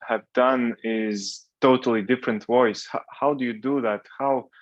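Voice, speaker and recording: A man hosting a meetup, asking eager, halting questions with frequent restarts. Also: medium pitch, steady tone, lo-fi sound. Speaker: meetup host. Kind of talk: interview questions.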